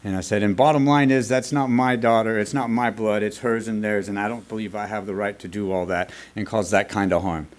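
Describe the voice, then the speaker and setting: A man's voice: on the low side, steady tone, a little fast, few pauses. A man speaking at a recovery meeting, telling his own story in a candid, plain-spoken and earnest way, with some casual swearing. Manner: earnest and confessional. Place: meeting room at a school.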